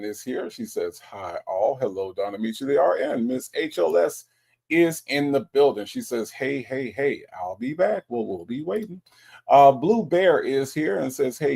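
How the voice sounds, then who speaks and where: Gravelly-voiced man hosting a livestream. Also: medium pitch. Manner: reads out viewer greetings, chatty and animated. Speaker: livestream host. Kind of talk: casual livestream chat.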